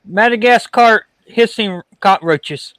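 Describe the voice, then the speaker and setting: A man calls into a live stream and answers in short, matter-of-fact lines. His voice sits quite high for a man. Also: slow pace, crowd noise. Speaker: guest caller. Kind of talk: casual chat.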